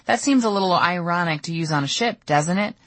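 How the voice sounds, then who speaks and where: A woman's voice: lowish voice, fairly quick, dry recording. A woman reading the lines of a wisecracking, laid-back husband in an audiobook memoir. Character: joking easygoing husband, adult man.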